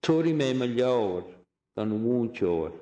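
A man giving a recorded language lesson, saying phrases slowly and repeating each one for drilling. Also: medium pitch, animated, warm tone, roomy sound, dull audio. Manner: slow, deliberate drilling of phrases with repetition. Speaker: language teacher.

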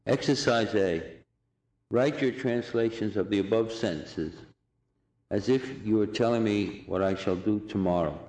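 A man teaches a recorded language lesson, pronouncing each phrase slowly and deliberately before repeating it. His voice sits fairly low. The room around him sounds echoey. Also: darkish tone. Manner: slow, deliberate drilling of phrases with repetition.

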